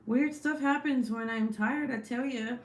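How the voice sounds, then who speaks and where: A woman's voice: on the high side, unhurried. A young woman hosting a casual craft livestream, reading out comments, rambling and swearing casually between laughs. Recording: echoey room with faint hiss.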